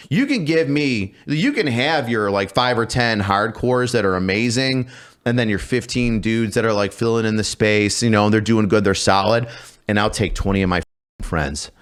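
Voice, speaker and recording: A man in his thirties, a former drill sergeant, telling a story casually on a podcast, swearing freely. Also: medium pitch. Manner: animated, profane, acts out shouted exchanges.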